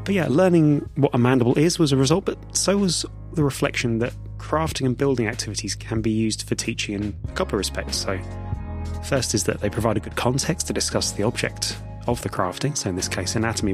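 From a quiet corner at the back of a conference, a male podcast host with a mid-range voice narrates and chats casually. He's self-deprecating and uses plenty of fillers.

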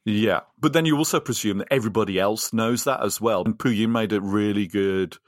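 A man with a somewhat low voice talks through ideas on a podcast in a loose, rambling way, laughing easily. The close mic gives a dry sound with no room around it. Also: a little fast, dry recording. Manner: rambling, chatty, laughs often. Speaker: podcast co-host. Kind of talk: casual podcast discussion.

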